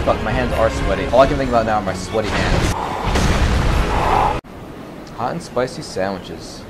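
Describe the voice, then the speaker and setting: A man's voice: normal speed, long pauses, over loud music. A man doing gameplay commentary, swearing constantly, muttering to himself and then bursting into screamed rage. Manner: talks himself down in low muttering between outbursts. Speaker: gaming commentator.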